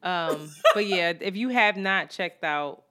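A woman hosting a casual podcast chat, relaxed and candid, swearing freely and giving shout-outs. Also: fairly low pitch, takes it slowly, noisy background. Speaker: podcast host.

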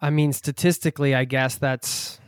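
A man's voice: medium pitch, steady tone, normal speed, clean tone, dry recording, studio quality. A man hosting a podcast, asking curious questions in a hesitant, searching way. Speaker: podcast host. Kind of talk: interview questions.

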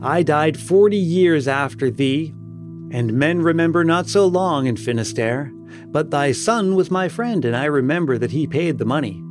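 A man's voice: on the high side, animated, moderate pace, close to an everyday voice. A man doing an old fisherman's mournful ghost. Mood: plain. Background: music.

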